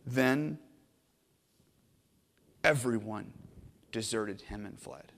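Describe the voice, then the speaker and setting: A man's voice: fairly high pitch, measured pace. Man preaching in a reverberant hall. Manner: dramatic retelling, swinging between loud and hushed. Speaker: pastor. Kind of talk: sermon. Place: church hall.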